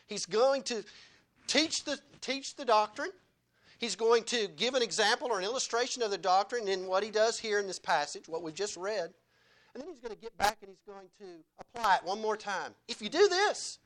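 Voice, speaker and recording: A man preaching a sermon, dramatic, with wide swings between loud and hushed and acted-out quotes. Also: high-pitched.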